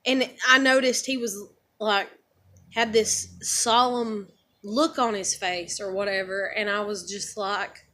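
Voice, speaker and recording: A woman's voice: mid-range voice, steady tone, takes it slowly, sharp tone, a little hiss or hum. A woman vlogger telling a personal story in a casual, rambling way, full of fillers and blunt swearing. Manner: rambling, filler-heavy storytelling with frequent "like" and "you know". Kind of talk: casual storytelling while eating.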